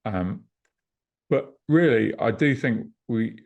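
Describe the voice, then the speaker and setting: A man co-hosting a podcast over a video call, talking in a relaxed, reflective way and reading out listener questions. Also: fairly low pitch, slow, gravelly. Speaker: podcast co-host and festival promoter.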